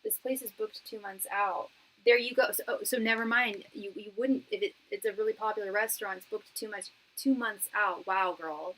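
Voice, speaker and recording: A woman's voice: medium pitch, fairly even intonation, normal speed, few pauses, sharp tone, rough recording. A woman tarot reader doing a live-stream reading, talking in a chatty, slangy way, calling viewers girl and hon and thanking them for donations. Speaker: tarot reader and psychic medium.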